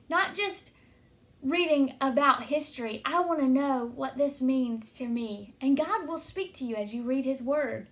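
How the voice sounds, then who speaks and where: A woman's voice: high voice, normal speed, a bit bright. A woman giving an earnest devotional teaching, telling stories to encourage listeners. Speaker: Christian teacher.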